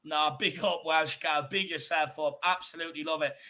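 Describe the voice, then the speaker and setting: A man co-hosting a live football watchalong, chatting casually, repeating himself and shouting out viewers. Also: a little high, steady tone, normal speed. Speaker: co-host of a football watchalong stream. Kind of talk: casual live-stream chat and commentary.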